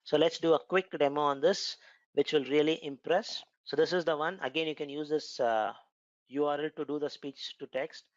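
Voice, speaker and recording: A man's voice: fairly high pitch, fairly even intonation, moderate pace, no echo, highs cut off. A man with an Indian accent explaining cloud features in a conversational recorded lesson, with frequent filler words. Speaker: cloud computing instructor. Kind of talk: recorded technical lesson with demo.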